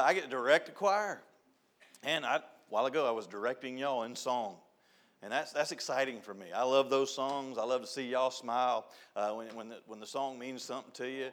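A middle-aged man, preaching a folksy, joking sermon as a church youth director. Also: mid-range voice. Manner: storytelling, joking, shouts and laughs at punchlines. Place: church sanctuary.

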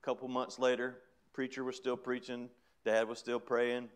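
A man's voice: mid-range voice, completely flat delivery, normal speed, clean tone. A middle-aged man preaching, telling his own story in a chatty way with laughs. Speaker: preacher giving testimony. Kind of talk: sermon testimony.

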